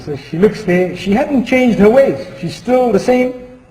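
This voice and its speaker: A man preaching a sermon, telling a humorous story in a measured, moralizing manner with occasional chuckles. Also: sits high, lively intonation. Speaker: Islamic preacher. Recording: echoey hall with faint noise.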